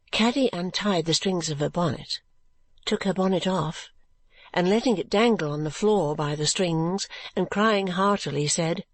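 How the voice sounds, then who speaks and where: A woman reading a classic novel aloud in a measured, even narration. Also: fairly low pitch, dry recording. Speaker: audiobook narrator. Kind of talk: scripted narration.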